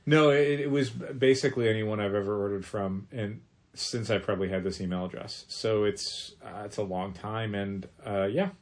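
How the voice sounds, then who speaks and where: A man's voice: fairly low pitch, fairly even intonation, normal speed. A man co-hosting a comic shop podcast in casual chat, easygoing, with his voice rising sharply when exasperated.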